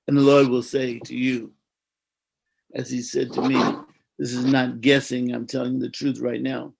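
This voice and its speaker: Gravelly, reflective American priest. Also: male voice, mid-range voice, flat delivery, normal speed, slight background noise, low-quality recording. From United States. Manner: gentle, reflective, preacherly. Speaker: Orthodox priest. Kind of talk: personal storytelling in a conversation.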